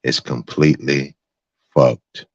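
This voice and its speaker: Over a close, lo-fi mic that sounds dry, a touch dull, and free of echo, a man delivers slow, husky commentary in an extremely low, deep voice with a steady tone. He's the host of his own stream, and he's angry, cursing, and repetitive.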